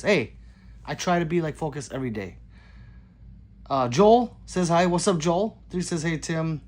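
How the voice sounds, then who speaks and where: Reading live chat on his gun channel stream, a man tosses out casual jokes in reply to viewers. He speaks at a normal pace in an expressive, fairly high voice, his manner loose and playful as he veers from loud hellos to muttered asides.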